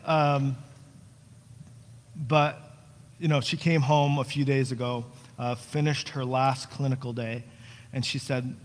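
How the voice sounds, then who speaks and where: A young male pastor from New Jersey preaches in a relaxed, conversational way, breaking into light jokes before turning earnest and pleading. His mid-pitched voice rings out with a long reverb tail from a church hall. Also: slow pace, long pauses. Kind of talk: sermon. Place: church sanctuary.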